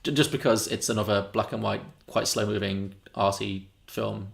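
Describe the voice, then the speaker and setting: A man's voice: fairly low pitch, steady tone, normal speed, gravelly. A man co-hosting a film podcast, chatting casually and rambling with frequent self-corrections and chuckles. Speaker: podcast co-host.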